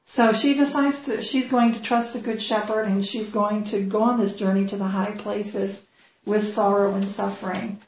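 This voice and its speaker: A woman's voice: medium pitch, steady tone, moderate pace, a little mellow, reverberant, slight background noise, low-quality recording. A woman speaking earnestly at a church gathering, retelling a story and sharing her own experience. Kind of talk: sermon-style storytelling.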